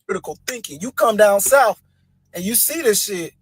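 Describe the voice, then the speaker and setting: Southern man, blunt profane rant, high husky voice, dry sound. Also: lively intonation, normal speed, dry recording. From American South. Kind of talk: casual rant to camera.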